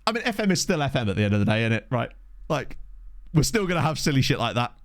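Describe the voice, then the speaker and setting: A man streaming a football management game, chatting casually with his viewers and reacting excitedly to the match. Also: mid-range voice, quick pace, no room sound, studio quality. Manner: chatty, reads chat aloud, excitable reactions to match play. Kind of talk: casual live-stream chat with commentary. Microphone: desk microphone.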